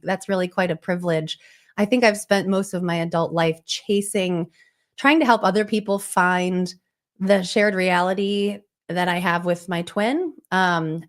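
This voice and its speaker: Casting: woman academic guest, animated explainer, mid-pitch, conversational. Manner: animated, many fillers and restarts, explanatory. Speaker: professor and author, interview guest. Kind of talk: live interview conversation.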